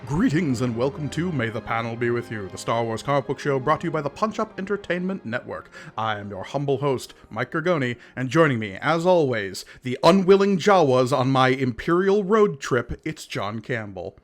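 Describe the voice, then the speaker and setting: A man hosting a casual podcast, relaxed and deliberate, laughing easily with his co-host. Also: medium pitch, faint music behind.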